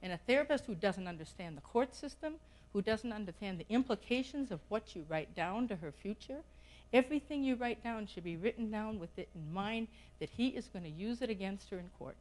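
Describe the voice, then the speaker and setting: A woman's voice: medium pitch, lively intonation, fairly quick, a little mellow, rough recording. Impassioned woman giving a conference talk. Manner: impassioned, questioning, urgent delivery. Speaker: conference speaker. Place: conference hall.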